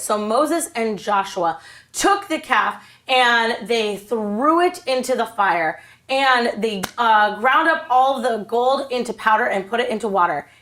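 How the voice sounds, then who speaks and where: Brief: upbeat woman children's ministry teacher, fairly high voice, chatty and playful. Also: animated, measured pace, a bit bright. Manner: bubbly, chatty, playful asides. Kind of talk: retelling a Bible story to kids.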